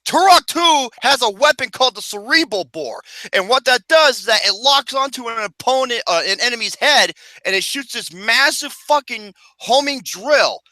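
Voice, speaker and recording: Loud swearing guy on a podcast, high voice that jumps all over, dry close mic. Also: lively intonation, moderate pace, few pauses, dry recording. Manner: profane, rowdy and teasing. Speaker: podcast co-host. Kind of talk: casual chat.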